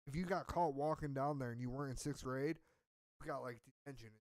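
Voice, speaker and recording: A man's voice: medium pitch, quick pace, a little mellow, no room sound. Profane rambling storyteller, a man. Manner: profane, rambling, self-mocking. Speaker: podcast co-host. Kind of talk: casual storytelling.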